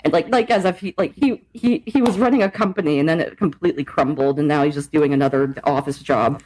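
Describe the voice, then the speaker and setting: A woman's voice: husky, low-quality recording. A woman hosting a podcast, telling stories in a hyper, profane casual chat. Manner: animated, profane storytelling with quick pitch jumps. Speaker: podcast host.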